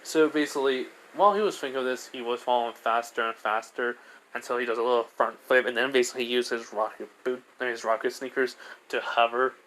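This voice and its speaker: A man's voice: medium pitch, fairly even intonation, quick pace, a bit bright, slight background noise, rough recording. A man casually retelling a fan story, rambling with lots of fillers as he goes. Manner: rambling, full of "you know" and "basically".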